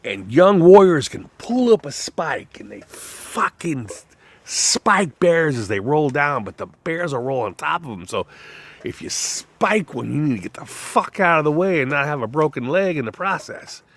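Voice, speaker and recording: A man in a rambling, profane monologue whose voice swings between loud outbursts and low mutters. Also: very animated, a little slow.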